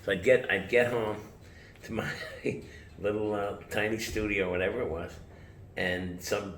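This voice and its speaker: A middle-aged man from the United States talks in a casual interview, winding through anecdotes and swearing as he goes. His voice sits very low. The room is echoey, with a faint hum of background noise. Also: fairly even intonation, a little slow. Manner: rambling anecdotes, swears, acts out quotes. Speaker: chef, interview guest.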